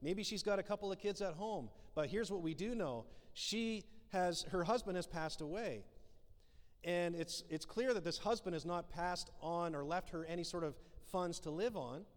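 A man's voice: high-pitched, moderate pace. A man preaching a sermon as pastor, acting out the dialogue in his illustrations. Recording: long hall reverb.

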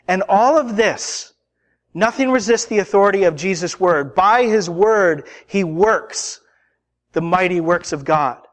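A man preaching a sermon, emphatic and deliberate, building through repeated rhetorical questions. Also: high-pitched, fairly bright tone, long reverb tail.

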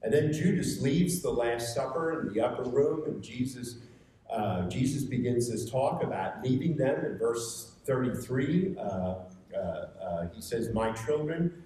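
A man's voice: medium pitch, expressive, a little slow, dark tone. A man giving a conversational sermon to a seated group, earnest and rising to emphatic urging. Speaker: preacher. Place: meeting room with a seated group. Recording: echoey room, picked up from far off.

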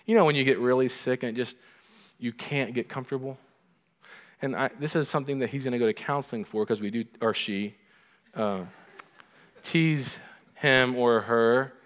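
A middle-aged man preaches a sermon with an animated, storytelling delivery. His voice sits at an ordinary pitch. He sounds like he is in a church, with a long reverb of the hall trailing each phrase. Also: moderate pace, pauses often. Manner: animated preaching, acting out quoted lines. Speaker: pastor.

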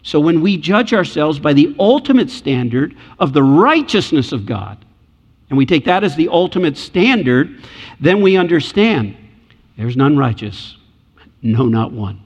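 A man's voice: fairly high pitch, sing-song, measured pace, slightly rough, dull audio. A man preaching a sermon, emphatic and repeating key phrases for weight. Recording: echoey hall.

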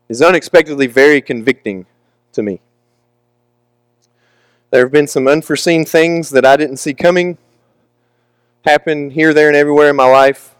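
A man's voice: medium pitch, smooth, no room sound. A young man preaching a candid, emotional, confessional sermon with casual asides.

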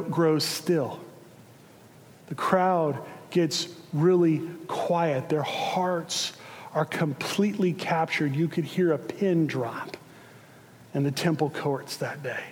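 A male pastor preaching a sermon, retelling a scene dramatically, swelling to passionate cries and sinking to a hush. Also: a little high, big-room sound. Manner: building to impassioned shouts then dropping hushed.

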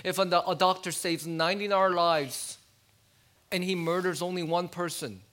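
High-voiced man preaching a sermon. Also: fairly even intonation, normal speed. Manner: conversational preaching with rhetorical questions, dropping low and soft on key words. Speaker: pastor.

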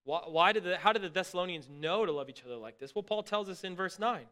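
Bright-voiced man preaching earnestly. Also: high voice, animated, fast, few pauses, clean tone. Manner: earnest, emphatic preaching with repeated restarts and dropping to soft asides. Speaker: pastor. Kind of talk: sermon.

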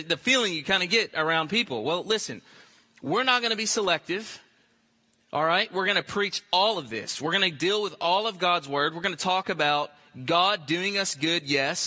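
A male pastor preaching a sermon with a high, very bright and forceful voice. He presses his points with emphatic repetition. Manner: emphatic, repeats phrases for stress.

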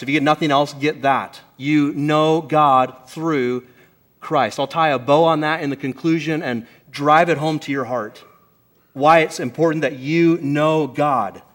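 A male pastor delivers a sermon with earnest conviction, his voice sitting a little high. He stretches out the phrases he most wants to land. He speaks in front of a church congregation. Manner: earnest, emphatic, slows on key phrases. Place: church service before a congregation.

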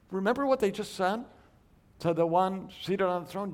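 A man teaches a Bible study lecture in a high voice at normal speed. He is emphatic, swinging between loud stresses and hushed asides, asking rhetorical questions, and restarting phrases as he thinks aloud.

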